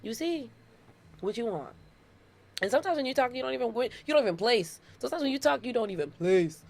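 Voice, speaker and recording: A woman's voice: on the high side, lively intonation, quick pace, vocal fry, darkish tone. A woman of thirty hosting her own podcast alone, talking casually and playfully, with dramatic repetitions. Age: 30s. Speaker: podcast host. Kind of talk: casual solo podcast monologue.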